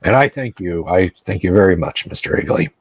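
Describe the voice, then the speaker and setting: A man's voice: deep voice, animated, fairly quick, slightly rough, dry recording, voice pushed down. Dignified older father figure, ponderous and thoughtful, voiced by a man. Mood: musing.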